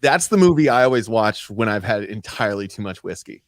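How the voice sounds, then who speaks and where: A man's voice: fairly low pitch, expressive, no echo, clean studio sound. A man in his thirties, a comedian guest joking around in casual podcast banter. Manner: joking, playful, quick asides.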